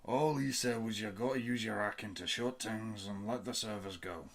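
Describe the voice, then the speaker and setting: A man's voice: on the low side, normal speed, fairly bright tone. A man voicing a tall, lanky male guard who speaks bluntly through a strong, muddying accent. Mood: urging. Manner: blunt, words muddied by a heavy accent.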